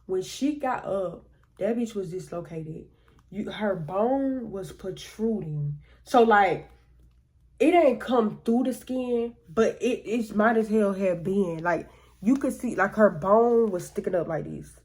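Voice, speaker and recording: A woman's voice: medium pitch, lively intonation, slow pace, darkish tone. A woman telling a personal story in a casual, slangy way, often acting out what other people said. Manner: slangy, conversational, acts out quoted voices. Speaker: storytime vlogger.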